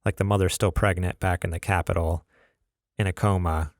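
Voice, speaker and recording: A man's voice: sits low, steady tone, a little fast, no room sound, studio quality. A young man hosting a casual gaming podcast, rambling with lots of fillers and laughs. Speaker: podcast host.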